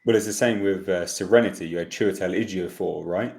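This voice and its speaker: A man with a fairly low voice gives blunt, emphatic opinions in a relaxed panel talk. He speaks in short, punchy lines. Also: fairly quick, gravelly. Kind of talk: casual panel chat.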